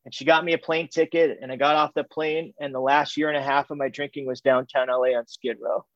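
A fairly high, flat, somewhat bright male voice, free of echo, belongs to a middle-aged man from California telling his recovery story to a group. He speaks candidly, repeats phrases and restarts sentences, recorded with a dull, muffled, dry sound.

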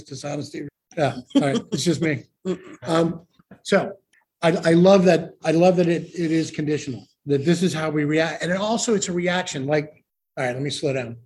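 A man sharing at a recovery meeting, earnest and self-deprecating, with quick asides. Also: on the high side, a little mellow.

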